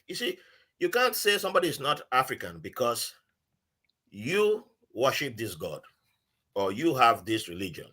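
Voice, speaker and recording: A man's voice: medium pitch, husky. A man with a Nigerian accent, a podcast guest telling a story in casual chat and acting out the voices he quotes. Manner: animated storyteller who acts out quoted voices.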